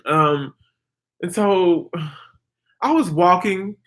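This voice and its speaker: A woman in her twenties, a vlogger, casually telling a story to her viewers in an animated, chatty way, full of "like" and "girl". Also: lowish voice, extremely slow. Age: 20s.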